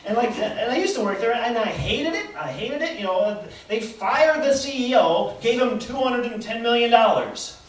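A man performing a profane stand-up comedy set, rambling and swinging between low mumbles and loud bursts. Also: expressive, normal speed, few pauses. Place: small theater stage. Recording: roomy, distant live club recording with audience noise.

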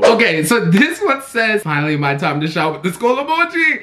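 A man's voice: sits high, normal speed, few pauses, faint music behind. A young man on a video channel, reading fan fiction aloud in a dramatic way and reacting, with plenty of fillers. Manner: animated, dramatic, filler-heavy.

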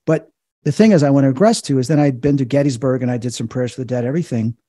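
A middle-aged man, a psychic medium, telling animated stories in an interview and acting out the quoted voices. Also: medium pitch, fast talker, no room sound, studio quality. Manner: acts out quoted voices, excited.

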